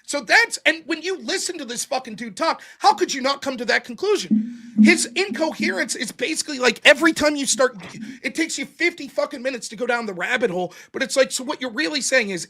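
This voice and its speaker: A man hosts a debate show and recaps the debate with heat and plenty of swearing. His pitch leaps all over as he talks. His tone is bright and forceful. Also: brisk. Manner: animated, profane, quotes opponents in mocking voices. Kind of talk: heated post-debate recap.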